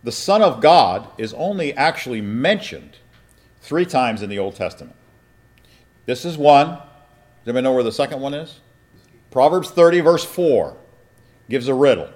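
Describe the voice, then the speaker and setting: A pastor preaches a sermon to an audience in a church or meeting room, teaching from Scripture, reading passages aloud, and asking his congregation questions. His medium-pitched voice is expressive and darkish, at normal speed.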